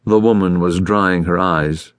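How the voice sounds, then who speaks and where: A man narrates an audiobook in a steady, even way. His voice is very low and deep. The recording is dry and close, with no room sound. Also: measured pace, dry recording. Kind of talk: scripted narration.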